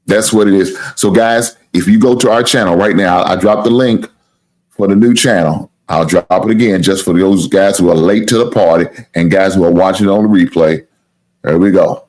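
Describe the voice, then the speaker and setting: Deep-voiced man rambling on a sports stream. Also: normal speed, darkish tone. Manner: rambling, repetitive, plugs the channel, swears casually. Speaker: sports talk show host. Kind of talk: casual live-stream sports talk.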